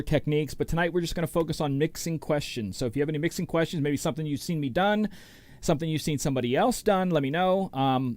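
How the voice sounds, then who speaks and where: A man's voice: fairly high pitch, no echo. A middle-aged man hosting a DJ livestream, chatting casually and rambling as he greets viewers by name. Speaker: DJ and show host.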